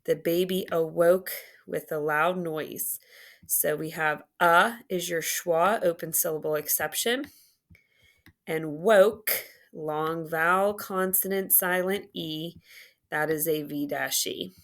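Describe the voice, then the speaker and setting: In a low-sitting, steady voice, a woman teaches phonics slowly and patiently, drawing out each word and syllable as she sounds it out.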